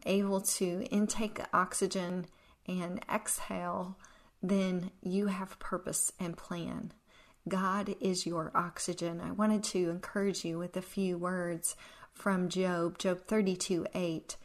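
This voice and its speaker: Gentle woman with a lowish voice. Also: little pitch movement, takes it slowly. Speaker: podcast host. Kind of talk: devotional talk, reading aloud.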